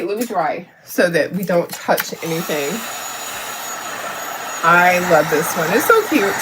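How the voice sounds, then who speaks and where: A woman's voice: mid-range voice, noisy background. A woman hosting a live crafting demo, talking herself through each step, upbeat and self-deprecating, laughing often. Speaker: craft livestream host.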